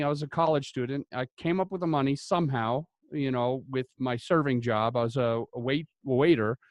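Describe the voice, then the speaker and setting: Chatty man with a higher voice. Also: dry recording. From Utah. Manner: animated, chatty, many "like" fillers. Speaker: guest. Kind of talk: casual interview storytelling.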